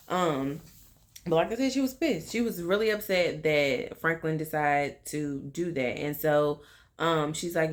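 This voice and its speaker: A woman's voice: low voice, a little slow. A young woman casually recapping a TV episode, chatty and full of fillers. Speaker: TV recap vlogger.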